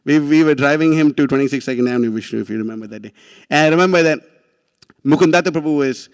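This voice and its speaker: A man giving a religious class, telling a story in an animated, casual way with many restarts and laughs. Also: fairly high pitch, rapid-fire, creaky, clean tone, in a large hall.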